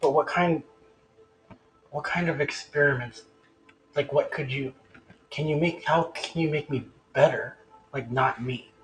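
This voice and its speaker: A man's voice: on the high side, a little slow, pauses often, fairly bright tone, faint music behind, rough recording. Hesitant man playing a character. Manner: hesitant, trailing off, lots of likes. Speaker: player. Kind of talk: in-character play in a tabletop game.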